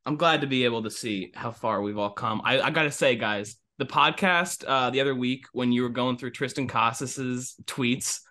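A man's voice: mid-range voice, moderate pace, few pauses, pushed and bright. A man co-hosting a podcast in casual chat. His voice sits in a mid range, and he talks in a teasing, enthusiastic way. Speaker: podcast co-host.

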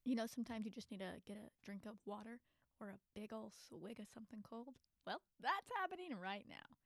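A woman's voice: a little high, fairly quick, creaky, a bit bright, dry recording. A woman hosting her own podcast from a home studio, chatting in an enthusiastic, casual way. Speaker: podcast host. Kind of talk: casual solo podcast talk.

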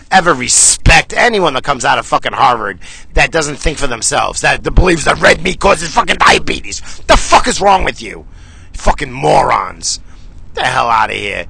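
A man's voice: on the high side, creaky, bright, forceful tone, slightly rough. A man hosting a podcast, delivering an angry, swear-filled solo rant that rambles with restarts. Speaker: podcast host.

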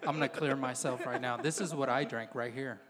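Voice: mid-range voice, steady tone, a little fast, long reverb tail, crowd noise. A wisecracking podcast co-host who jokes crudely in casual banter.

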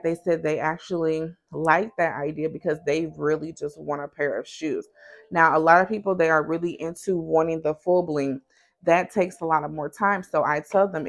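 A woman who runs a small business and hosts a podcast, talking frankly and conversationally, straight to her listeners. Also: low-pitched. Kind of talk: candid motivational talk.

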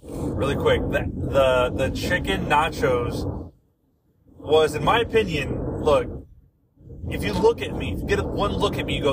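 A man's voice: on the high side, measured pace. A man hosting a casual podcast chat, rambling and swearing freely as he tells stories. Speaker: podcast host. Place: car on a road trip. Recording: noisy car recording, distant mic.

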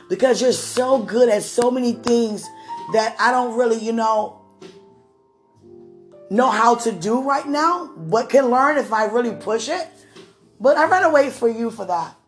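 Warm-hearted woman vlogger with a fairly high voice who rambles fondly and laughs a lot, over quiet piano. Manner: rambling, affectionate, often laughing. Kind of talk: casual devotional vlog monologue.

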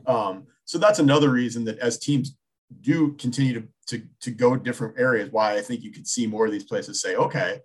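A man's voice: mid-range voice, fairly quick, husky. A man in his thirties co-hosting a casual sports talk show, thinking aloud with many restarts.

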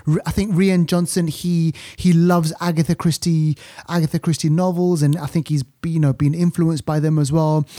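Podcast co-host, man, mellow tone, rambling casual review talk. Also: fairly high pitch, no echo, studio quality. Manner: rambling, full of fillers and restarts. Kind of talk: casual film review chat.

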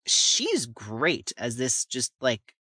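A man's voice: medium pitch, huge pitch swings, drawn-out words, sharp tone, husky. A man co-hosting a podcast, chatting about movies in a rambling, enthusiastic way with lots of fillers. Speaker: podcast co-host. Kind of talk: casual film discussion.

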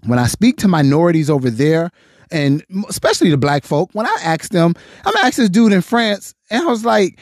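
A man's voice: high-pitched, big pitch swings, brisk, no echo, clean studio sound. Fired-up man in his forties. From United States. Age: 40s. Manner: passionate, rhetorical, many questions. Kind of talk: casual opinion commentary.

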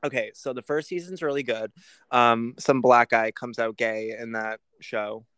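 A man co-hosting a casual podcast chat, talking in animated bursts and laughing often. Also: a little slow, smooth, dry recording. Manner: lively, laughing often, animated swings in pitch. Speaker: podcast co-host.

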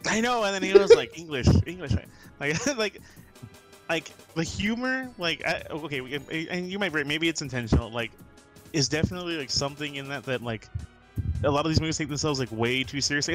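A man's voice: medium pitch, rough recording. A man co-hosting a casual movie review podcast, rambling with constant filler words and laughing often. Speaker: podcast co-host.

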